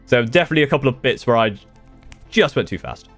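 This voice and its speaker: Fast-talking man rambling on stream. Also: medium pitch, expressive, fairly bright tone, soft background music. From United Kingdom. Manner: rambling with restarts and swearing, quick bursts. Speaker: streamer answering chat. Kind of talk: casual live-stream chat.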